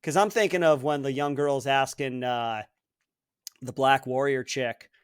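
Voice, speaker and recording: A man co-hosting a podcast, guessing movie quotes and recounting scenes with quick laughs. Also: mid-range voice, steady tone, clear, resonant tone, dry recording, clean studio sound. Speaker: podcast co-host, quiz contestant. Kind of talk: casual chat.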